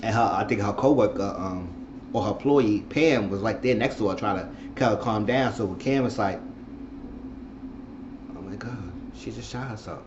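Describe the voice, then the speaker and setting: A man's voice: fairly low pitch, brisk, highs cut off, noisy background. A man casually recapping and commenting on a TV episode, rambling and repeating himself as he retells it. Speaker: TV episode reviewer.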